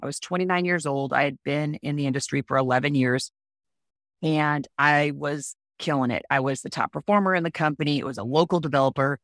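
Frank, expressive woman telling stories. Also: low voice, brisk, dry recording, clean studio sound. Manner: expressive, frank, acts out quoted voices. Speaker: podcast guest. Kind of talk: candid podcast storytelling.

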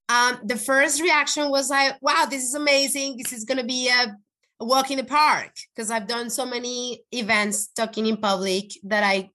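A woman guest in an interview, telling an emotional personal story in an earnest, animated way, with frequent restarts. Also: mid-range voice. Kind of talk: conversational podcast interview.

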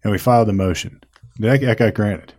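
A man's voice: fairly low pitch, fairly quick, a little mellow. A man who works as a defense lawyer, casually prompting and summing up a client's story. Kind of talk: casual conversation.

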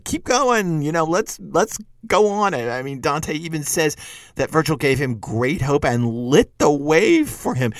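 A middle-aged man hosting a podcast, giving chatty, animated literary commentary and laughing often. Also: mid-range voice, no echo, clean studio sound. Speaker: podcast host.

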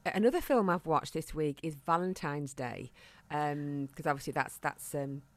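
A woman's voice: deep voice, moderate pace, no echo. A middle-aged woman co-hosting a podcast, telling jokey stories in casual chat. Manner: chatty, jokey storytelling. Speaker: podcast co-host.

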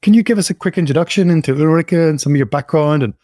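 Upbeat male podcast host, fairly high. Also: rapid-fire, dark tone, no room sound, clean studio sound. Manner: upbeat, friendly, jokey. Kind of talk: podcast intro and interview chat.

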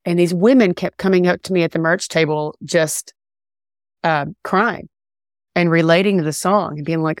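A woman singer-songwriter talking casually in an interview, relaxed and rambling with many fillers and restarts. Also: low voice, moderate pace, no room sound, clean studio sound. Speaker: country singer-songwriter guest.

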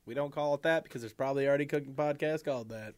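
A man's voice: mid-range voice, racing, dry recording. Joking man with a mid-range voice. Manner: short profane quips and reactions. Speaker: podcast co-host. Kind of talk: casual chat.

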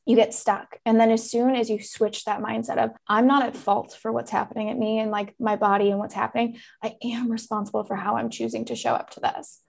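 A woman guest on a podcast, talking fast and animated in casual chat. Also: a little high, gravelly.

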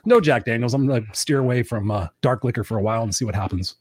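A man in his thirties co-hosting a casual podcast, energetic and playful, repeating words for emphasis. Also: mid-range voice, fast talker. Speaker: co-host.

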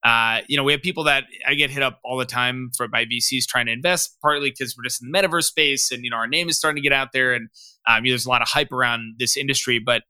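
A man's voice: medium pitch, steady tone, fast talker, sharp tone, clear, resonant tone, no room sound. A young adult man, a startup founder, talking openly on a podcast and padding his sentences with "you know.". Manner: rambling, frequent "you know" fillers; open, candid. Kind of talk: casual podcast interview.

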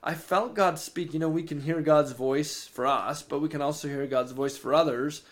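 A man, podcast co-host and ministry founder, telling a faith testimony with lively rises in energy and frequent word repeats. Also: moderate pace. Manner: animated, rises in pitch and energy when excited; repeats words and restarts sentences. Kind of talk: storytelling testimony in an interview.

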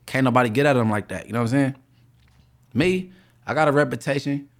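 A man's voice: mid-range voice, fast. A man co-hosting a podcast, chatting casually and jokingly with lots of filler phrases. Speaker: podcast co-host. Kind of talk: casual chat.

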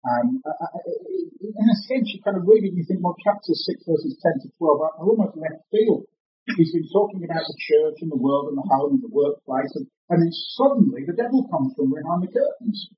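A man's voice: on the high side, expressive, brisk, slight background noise. A man preaching a sermon, earnest and emphatic, often repeating and restarting his words. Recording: roomy, distant, dull mic.

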